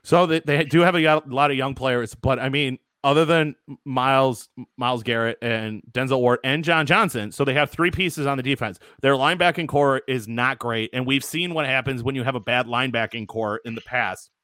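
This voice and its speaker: A young man with a mid-pitched voice and a dry, close sound, talking football on a casual podcast. He argues bluntly and swears freely. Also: normal speed, hardly any pauses, fairly bright tone, no room sound. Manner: blunt, profane, combative. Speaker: podcast co-host. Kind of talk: casual sports debate.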